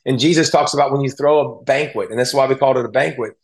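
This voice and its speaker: A man who once played football and now works as an analyst speaks as a guest in a casual interview. His voice is medium-pitched and quick, and he tells stories earnestly and emotionally, restarting often.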